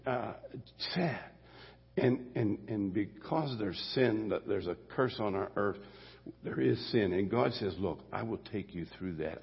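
A man's voice: lowish voice, creaky, husky. An older man preaching a sermon as pastor, folksy and rambling, often correcting himself mid-sentence. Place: church sanctuary. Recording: dull long-reverb church sound.

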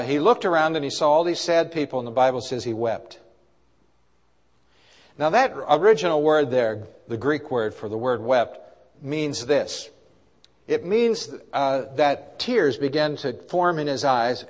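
A male pastor preaching a sermon, rising and falling in loudness and asking the congregation questions. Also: mid-range voice, measured pace. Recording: long hall reverb.

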